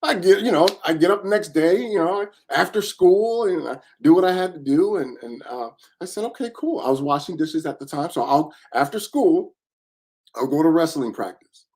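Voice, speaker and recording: A man's voice: fairly high pitch, lively intonation, moderate pace, a little mellow, slightly rough. A man giving a motivational talk, telling a personal story in an emphatic way and repeating his key points. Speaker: motivational speaker.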